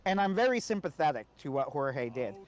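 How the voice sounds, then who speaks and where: A man's voice: a little high, sing-song, a little fast. Chatty man talking story craft. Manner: conversational, keeps checking in with "right?". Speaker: co-host. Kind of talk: casual podcast discussion.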